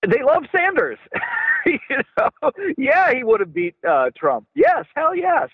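A male author being interviewed on radio, talking in an animated way that often stumbles over and repeats his words. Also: very high-pitched, a little slow, breathy edge, dry recording. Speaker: author guest. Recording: tinny phone-line sound.

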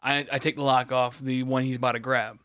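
A man's voice: mid-range voice, little pitch movement, brisk, a bit bright, clear, resonant tone, no echo, clean studio sound. A man in casual chat, rambling and swearing as he tells a work story. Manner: rambling, profane, sympathetic storyteller.

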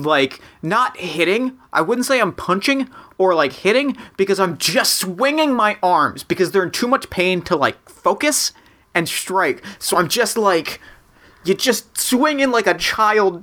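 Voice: medium pitch, animated, unhurried, pushed and bright. A tabletop game player describing their character's actions in first person, often stammering and restarting.

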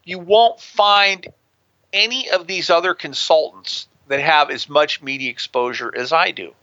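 A man's voice: fairly high pitch, a little slow, sharp tone, dry recording, highs cut off. A man in an interview telling stories in a brash way and swearing freely. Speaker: guest, prison consultant. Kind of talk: profane storytelling in an interview. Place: near a big city on the US West Coast.

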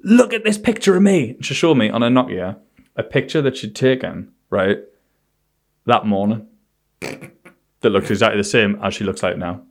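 A man's voice: fairly low pitch, moderate pace, long pauses. Man telling a story with "right?". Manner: animated, laughing, says "right?" often. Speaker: podcast co-host. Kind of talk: casual storytelling chat.

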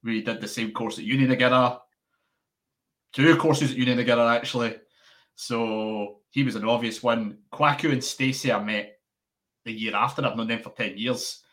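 Young man, bright tone, guest in a relaxed interview chat, rambles animatedly. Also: mid-range voice, normal speed. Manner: rambling, restarts often, animated. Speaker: podcast founder.

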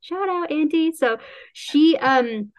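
A woman's voice: high voice, expressive, takes it slowly, highs cut off. A woman author chatting casually about her novel, rambling with restarts, acting out quotes and laughing often. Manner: laughs often while talking. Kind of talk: casual chat.

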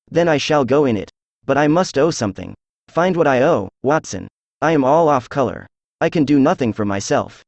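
Casting note: computer-made male narrator, mid pitch, steady reading of an old story, dry recording. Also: dry recording. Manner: even synthesized reading, little change between characters. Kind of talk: scripted audiobook narration.

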